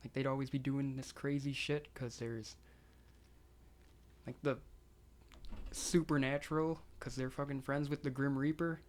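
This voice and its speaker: A man's voice: mid-range voice, steady tone, a little slow, long pauses. A young man co-hosting a podcast, talking in a laid-back, rambling way with lots of filler words and casual swearing. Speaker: podcast co-host. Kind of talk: casual chat.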